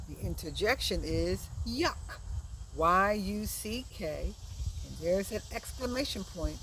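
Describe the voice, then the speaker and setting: A woman teaching a preschool lesson outdoors, reading in a slow, exaggerated, expressive way for small children. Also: mid-range voice, very noisy. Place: outdoors by a wet board.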